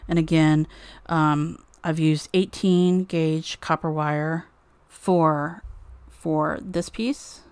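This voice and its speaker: A woman's voice: low voice, fairly even intonation, drawn-out words, darkish tone, clean tone, no echo. A woman streaming a live craft demo, muttering to herself while she works.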